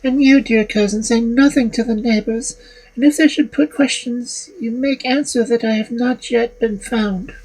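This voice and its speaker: A storyteller voicing a bewitched young woman who speaks in a proud, reproachful, commanding way, slightly husky. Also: a little high, fairly even intonation, normal speed, a little mellow, voice pushed up, poor audio.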